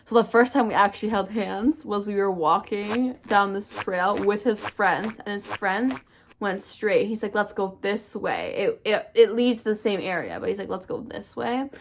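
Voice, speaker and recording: A woman's voice: medium pitch, normal speed, background noise. Candid young woman telling a storytime. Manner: candid, swears often, animated retelling. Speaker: vlogger. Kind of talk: casual storytime.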